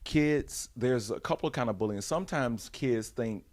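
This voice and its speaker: A man's voice: medium pitch, animated, moderate pace, a little mellow, a little hiss or hum. A middle-aged man co-hosting a casual radio talk show, rambling with frequent restarts. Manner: rambling, restarts often, conversational. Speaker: co-host. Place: radio studio.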